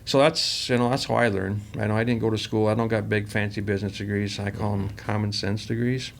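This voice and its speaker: A man runs a company and talks about it in a loose, rambling way. He acts out both sides of every conversation he retells. His voice has a gravelly, fry-edged texture, with faint noise in the recording. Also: lowish voice, steady tone, brisk. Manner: rambling, acts out quoted dialogue. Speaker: company president, podcast guest. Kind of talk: casual storytelling interview.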